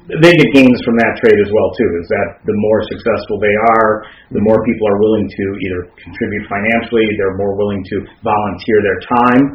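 A man's voice: on the low side, a little fast, few pauses. A man co-hosting a podcast, explaining ideas in a thoughtful, academic way with frequent restarts. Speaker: podcast co-host. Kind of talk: casual academic discussion. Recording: roomy, dull lo-fi sound.

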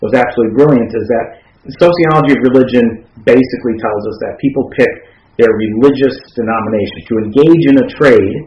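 A man's voice: medium pitch, fast talker. A man co-hosting a podcast, explaining ideas in a thoughtful, academic way with frequent restarts. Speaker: podcast co-host. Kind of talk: casual academic discussion. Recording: roomy, dull lo-fi sound.

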